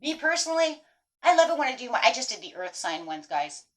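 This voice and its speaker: Animated woman giving a tarot reading. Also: on the high side, quick pace. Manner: animated, emphatic, swears casually, talks straight to viewers. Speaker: tarot reader. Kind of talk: casual tarot reading monologue.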